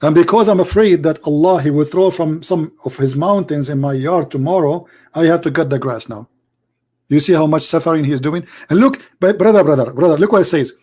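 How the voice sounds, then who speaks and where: Sarcastic hoarse debating man. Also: fairly high pitch, brisk, darkish tone. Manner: sarcastic, mocking. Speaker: religious debater. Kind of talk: online commentary video.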